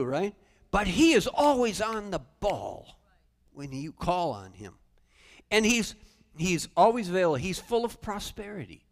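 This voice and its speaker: A male pastor preaching a sermon in a church sanctuary, animated, with humorous asides. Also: sits high, moderate pace. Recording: long church reverb.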